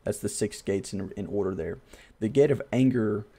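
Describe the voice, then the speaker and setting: Low, mellow-voiced man rambling about games. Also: moderate pace, slightly rough. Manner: thinks aloud, self-deprecating, loose and rambling. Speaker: podcast host. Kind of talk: casual gaming podcast chat.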